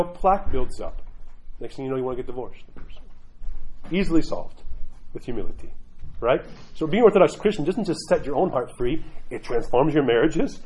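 A man's voice: on the high side, dark tone, rough recording. A middle-aged man, an Orthodox Christian clergyman, giving casual spiritual talk and often asking "right?". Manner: conversational, keeps asking "right?"; acts out quoted voices.

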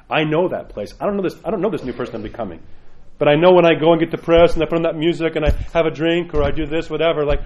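A man's voice: on the high side, a little mellow. A male priest giving a conversational teaching talk, often asking "right?" and acting out people's inner voices in quotes.

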